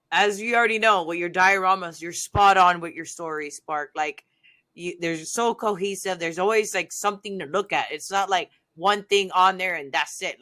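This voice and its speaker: Bright-voiced excitable woman. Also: fairly low pitch. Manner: excitable, animated, heavy use of "like". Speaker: guest. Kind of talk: casual storytelling on a podcast.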